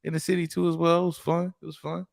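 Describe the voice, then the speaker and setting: A man's voice: a little high, level tone, quick pace, creaky, no echo, studio quality. A man with a Southern US accent, co-hosting a podcast in casual chat and telling stories with laughs. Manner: laid-back, laughing storyteller. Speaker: podcast co-host.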